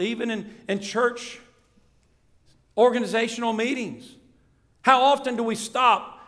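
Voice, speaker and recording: A man preaching a sermon, animated, acting out the voices he quotes. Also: sits high.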